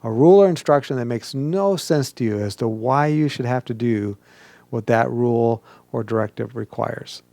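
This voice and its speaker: Male pastor, gravelly tone, dry close sound; leads an interactive sermon and has listeners respond aloud. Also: mid-range voice, normal speed, dark tone, dry recording. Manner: coaches the audience to speak aloud and mimics whiny questions.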